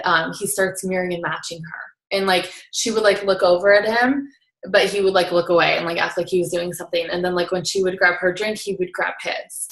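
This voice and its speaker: A young woman with a lowish, slightly bright voice recaps a seminar in a casual chat. She is earnest and coaching, chatty, and leans heavily on the filler "like." The room is echoey.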